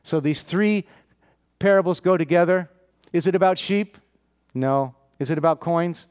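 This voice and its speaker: A man's voice: fairly high pitch, normal speed, a little mellow, clear, resonant tone. A man preaching a sermon, telling a Bible story, acting out the characters' lines and putting questions to his listeners.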